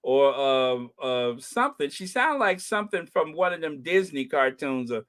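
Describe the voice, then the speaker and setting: A channel host rants on her live stream in an animated, heckling way, laughing often between points. Her pitch swings widely, leaping high on outbursts and sinking low on asides, while she keeps a moderate pace with few pauses.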